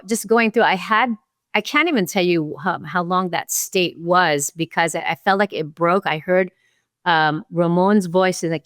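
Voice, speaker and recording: A woman in her sixties, a podcast guest, telling a story and acting out her own past thoughts with lively energy. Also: fairly low pitch, a little slow, no room sound, studio quality. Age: 60s. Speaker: podcast guest, martial arts champion. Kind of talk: storytelling in an interview.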